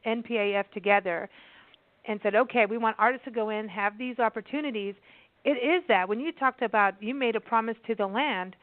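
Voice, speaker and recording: A female radio host with a slightly high, fairly quick voice conducts a conversational interview, enthusiastic and rambling, often restarting sentences. The dry recording has a tinny phone-line sound.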